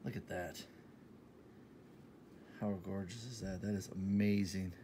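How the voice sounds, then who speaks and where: Low-voiced man in an upbeat haul vlog. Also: steady tone, measured pace, slight background noise. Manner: enthusiastic, repeats himself, sometimes drops to a soft half-whisper. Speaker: vlogger showing a shopping haul.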